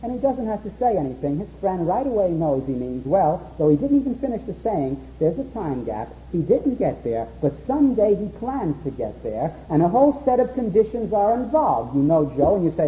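A man teaches scripture in an animated way, swinging his high voice up and down and raising it to act out quotes. The recording sounds dull and lo-fi. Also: brisk, few pauses. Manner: animated, acts out quotes in a raised voice. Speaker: preacher. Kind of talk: bible teaching sermon.

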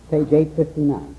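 A man teaches scripture in an animated way, swinging his high voice up and down and raising it to act out quotes. The recording sounds dull and lo-fi. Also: noisy background. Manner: animated, acts out quotes in a raised voice. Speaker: preacher. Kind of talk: bible teaching sermon.

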